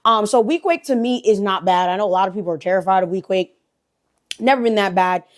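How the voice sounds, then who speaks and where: A young woman from New Jersey talking straight to her viewers in a casual storytime vlog, animated and profane. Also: mid-range voice, quick pace. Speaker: vlogger.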